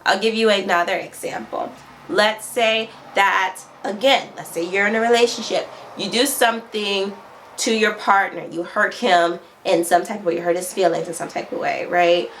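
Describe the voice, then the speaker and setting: A woman coach talks straight to her viewers in a mid-pitched voice and keeps asking "right?" as she makes her points. Her phrases come round again and again. A faint hiss runs under the recording. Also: steady tone, normal speed, fairly bright tone, low-quality recording. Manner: direct, repeats phrases and asks "right?"; acts out quoted voices with raised pitch. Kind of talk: instructional talk to viewers.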